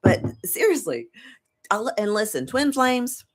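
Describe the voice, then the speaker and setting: A woman's voice: mid-range voice, very animated, measured pace. A middle-aged woman talking casually to camera as a tarot reader, rambling, laughing often and swearing freely. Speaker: tarot reader and life coach.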